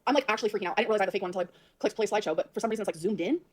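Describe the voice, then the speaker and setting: Fast-talking flustered woman on a livestream. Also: medium pitch, slightly rough. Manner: flustered, rambling, swears a lot. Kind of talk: rambling livestream talk to viewers.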